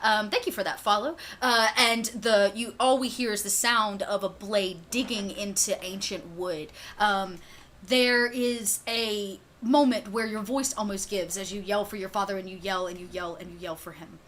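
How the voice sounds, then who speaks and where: A woman narrating a tabletop role-playing game as game master, lively, laughing often and using many fillers. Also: mid-range voice, normal speed.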